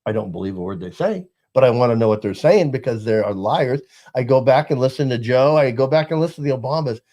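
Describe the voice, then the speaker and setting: A man's voice: medium pitch, lively intonation, quick pace, dark tone. A man hosting a casual political talk show, rambling with lots of fillers and restarts.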